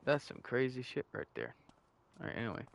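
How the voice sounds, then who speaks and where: A man's voice: medium pitch, huge pitch swings, a little fast, gravelly. A young man giving casual, rambling and profane commentary while playing a video game. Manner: rambling, joking, profane, laughs at his own bits. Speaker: gameplay streamer.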